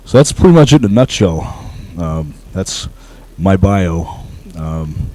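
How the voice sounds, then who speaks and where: A man's voice: sits low, very animated, takes it slowly, darkish tone, low-quality recording. A man being interviewed about his acting role, speaking humbly with many fillers and restarts. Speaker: actor guest. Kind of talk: casual interview.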